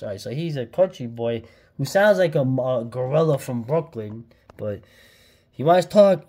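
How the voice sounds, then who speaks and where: An old comic book gets reviewed on a casual vlog by its male host, who laughs a lot and chats with eager slang. He speaks at medium pitch and a moderate pace.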